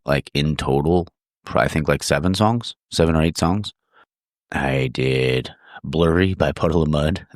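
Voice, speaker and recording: A man hosting a podcast, chatting casually and rambling, his voice hoarse from singing the night before. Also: very deep voice, no room sound, clean studio sound. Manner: rambling, laid-back, swears. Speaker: podcast host. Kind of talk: casual chat. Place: home studio.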